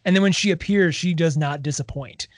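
A man co-hosting a casual chat, retelling scenes with lively acted-out quotes. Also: on the high side, fairly quick, no echo, clean studio sound. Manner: animated storyteller, acts out quoted lines. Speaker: podcast co-host. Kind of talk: casual chat about a book series.

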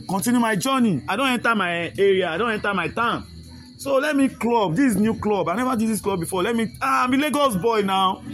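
A man with a Nigerian accent speaking emotionally and repetitively in street talk, pleading with his listeners. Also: very high voice. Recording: loud music behind the voice. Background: music.

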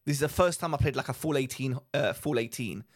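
Excitable man chatting. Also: mid-range voice, quick pace. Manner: excitable, rambling with restarts. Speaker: podcast co-host. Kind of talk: casual chat.

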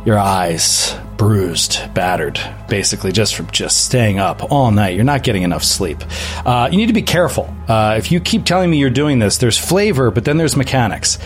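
A man's voice: mid-range voice, expressive, fairly quick, soft background music. A man running a tabletop horror game as game master, joking and laughing often with his players.

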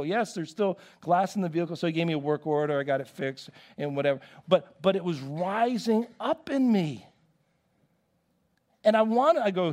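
High-voiced male pastor preaching. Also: lively intonation, fairly quick. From United States. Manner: storytelling with acted-out quotes and repeated restarts. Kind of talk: sermon. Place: church.

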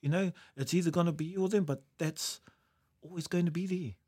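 A man's voice: a little high, steady tone, brisk, dark tone. A New Zealand man telling stories in a casual chat, reflective, laughing often and using Maori words.

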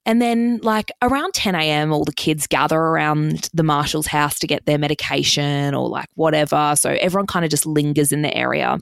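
A young woman hosts a podcast in a low, gravelly voice that keeps dropping into vocal fry. She tells her stories in a loose, chatty monologue, cursing freely and stuffing every pause with "like." The recording is dry and close-miked, with no room sound at all.

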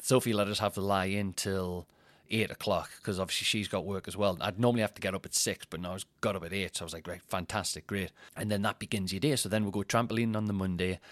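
A man's voice: fairly low pitch, a bit bright, no echo. A man, telling rambling, self-mocking stories on his podcast and laughing at his own jokes. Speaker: comedian and podcast host. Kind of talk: casual anecdotal chat.

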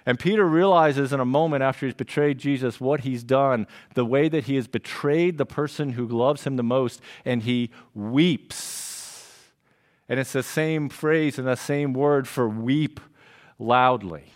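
A man preaching a sermon in a casual, conversational way, with slang and rhetorical questions, going quiet and slow on scripture and loud and quick in stories. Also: mid-range voice. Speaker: pastor.

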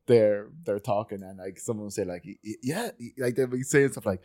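A man co-hosting a podcast, chatting about a film in a halting way with many stops and restarts. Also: lowish voice, a little mellow. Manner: halting, full of fillers and restarts. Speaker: podcast co-host. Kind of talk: casual film review chat.

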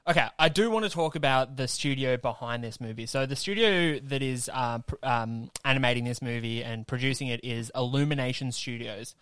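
Smooth-voiced Australian guy, sweary and animated. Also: medium pitch, brisk, hardly any pauses, dry recording, studio quality. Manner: animated, swears freely, rants. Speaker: podcast host. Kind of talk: casual chat.

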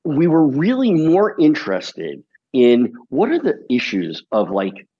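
A man, a TV comedy producer, talking as a guest in a casual interview, telling lively stories, laughing often and swearing casually. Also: mid-range voice, a little slow, breathy edge, lo-fi sound.

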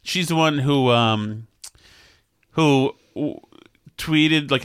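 A man's voice: medium pitch, extremely slow, long pauses, fairly bright tone, smooth, no echo, clean studio sound. A man co-hosting a podcast in casual banter, sarcastic and rambling, with stammered restarts. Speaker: podcast co-host.

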